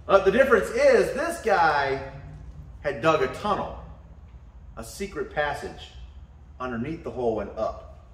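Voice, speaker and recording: Animated man telling a motivational story. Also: on the high side, measured pace, pauses often, distant mic. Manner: animated storyteller acting out voices. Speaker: motivational teacher. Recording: echoey room from afar.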